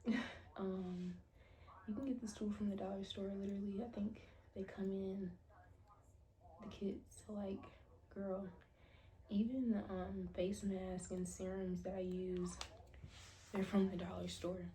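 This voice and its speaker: A woman's voice: mid-range voice, flat delivery, unhurried, long pauses, mellow. A woman in her twenties from the United States, casually chatting in a slangy way while she does her toenails, often dropping her voice to a whisper. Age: 20s. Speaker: beauty vlogger.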